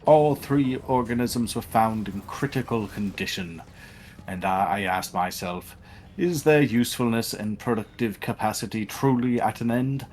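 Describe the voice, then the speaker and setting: A man reading game dialogue aloud as an excitable old male tech-priest scientist, lecturing grandly. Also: medium pitch, moderate pace, slight background noise, close to an everyday voice.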